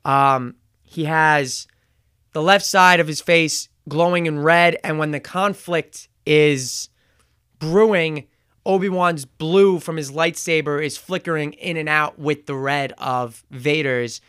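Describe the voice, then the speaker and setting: A man with a fairly high, smooth voice walks through a show's scenes in a relaxed, chatty review. He trips over words, corrects himself and fills gaps with "um". The sound is dry and close, with no room around it. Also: takes it slowly, no echo. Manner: chatty, retells scenes with fillers and self-corrections. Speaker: show reviewer. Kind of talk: casual recap and review.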